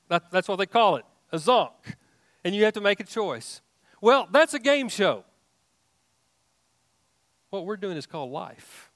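Man, pastor, sermon, high voice, dry close sound, emphatic, repeats himself. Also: a bit bright, dry recording. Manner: emphatic preaching with rising questions and many restarts.

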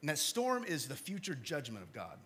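A man preaching a sermon to a congregation, talking conversationally with small jokes and asides, then dropping to hushed, low emphasis before rising again. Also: wildly swooping pitch, normal speed. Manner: swings from loud emphatic to hushed low delivery. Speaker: pastor. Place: church hall with congregation.

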